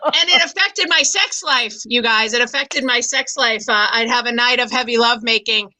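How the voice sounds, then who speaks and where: A middle-aged woman from the Boston area works a comedy club stage, her high voice ringing very bright over the handheld mic. She talks in a self-deprecating, halting way, full of ums and stumbling restarts. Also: poor audio. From Boston area, USA. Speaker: stand-up comic. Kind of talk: stand-up comedy set.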